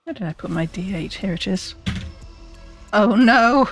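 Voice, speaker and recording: A woman's voice: on the low side, fast, darkish tone, soft background music. A woman playing a tabletop game, making amused, dry remarks. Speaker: player.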